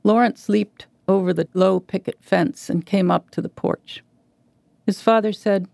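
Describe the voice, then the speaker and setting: Woman reading literary fiction; gravelly, dark, dry sound, measured delivery. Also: mid-range voice, steady tone, dry recording. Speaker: guest reader.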